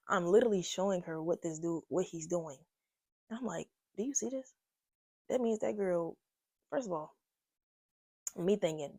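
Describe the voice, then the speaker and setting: Young woman vlogger, husky and gravelly, lively slangy storytelling, dry close mic. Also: on the low side, dry recording. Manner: animated, slangy, talks straight to viewers. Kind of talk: casual storytime. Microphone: own microphone.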